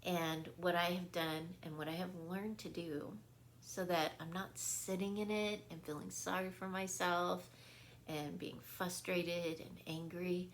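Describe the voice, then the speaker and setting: A woman's voice: lowish voice, fairly even intonation, unhurried, a little hiss or hum. A woman speaking as a wellness coach in an earnest, casual spiritual talk, often checking in with her listeners and laughing easily. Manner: earnest, repetitive, checks in with "right?".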